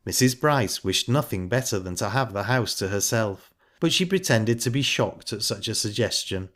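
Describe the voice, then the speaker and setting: A man reading a novel aloud as audiobook narrator in a measured, plain storytelling way. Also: fairly low pitch, lively intonation, a bit bright. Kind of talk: scripted narration.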